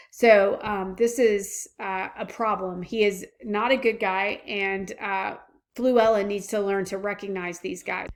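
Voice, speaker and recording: A woman teacher reading a play aloud and pausing to explain it in plain words, with small fillers. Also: mid-range voice, steady tone.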